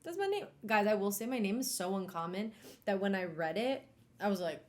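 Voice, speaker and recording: A young adult woman streamer reading a novel aloud and chatting about it in a casual, animated way, swearing casually and laughing often. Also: mid-range voice, a little fast. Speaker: streamer hosting a book club.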